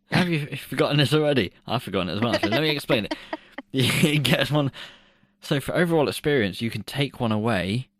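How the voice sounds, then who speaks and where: A man's voice: mid-range voice, lively intonation, normal speed, a bit bright, no room sound, studio quality. A man co-hosting a podcast. He reviews a film in casual, jokey chat, laughing often and swearing freely. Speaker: podcast co-host.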